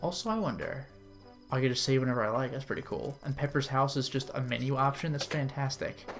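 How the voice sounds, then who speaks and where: A man's voice: medium pitch, a little fast, fairly bright tone, soft background music. A man giving casual, rambling commentary while streaming a game, peppered with fillers. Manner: chatty and rambling, with frequent "like" fillers.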